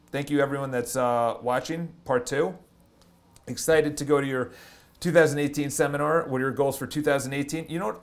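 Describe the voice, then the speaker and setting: A man, a real estate agent and vlogger, giving an energetic motivational talk on a livestream, stressing points with a repeated "okay?". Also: mid-range voice.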